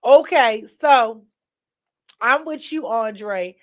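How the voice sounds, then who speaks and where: Yawning her way through a casual livestream, a drowsy woman talks straight to her viewers and jumps from one subject to another. Her voice is a little high and animated, and she draws out her words.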